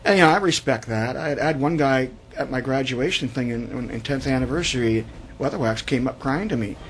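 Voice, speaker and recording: A man's voice: mid-range voice, fairly quick, a little hiss or hum, poor audio. A man in his sixties, a veteran guest on a radio interview, telling his stories in a rambling way and often repeating words. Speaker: guest, Vietnam veteran author. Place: radio studio.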